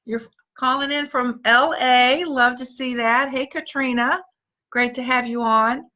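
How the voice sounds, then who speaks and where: A woman with a bright, forceful voice gives an upbeat live-stream pep talk and calls out viewers by name. The audio is dull and lo-fi, as from a live stream. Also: sits high, steady tone, a little slow. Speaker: motivational speaker and team leader.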